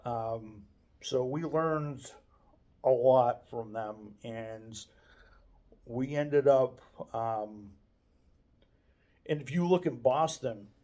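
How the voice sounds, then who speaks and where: A man's voice: medium pitch, very slow, long pauses, dark tone. A man giving a casual, unscripted daily video monologue, meandering and hesitant, often stopping to restart his sentences.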